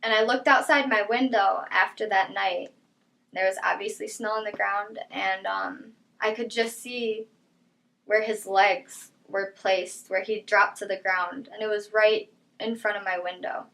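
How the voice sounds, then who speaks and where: Young woman quietly recounting a story. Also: medium pitch, fairly even intonation, gravelly, rough recording. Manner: quiet, halting storytelling with soft trailing lines. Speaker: interviewee. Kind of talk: personal testimony.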